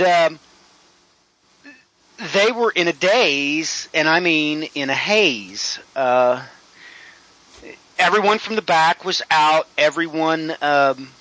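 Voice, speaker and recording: Bright-voiced man telling a rambling story. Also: medium pitch, rough recording. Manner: rambling, with many drawn-out "uh" fillers. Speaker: home builder. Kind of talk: personal storytelling in an interview.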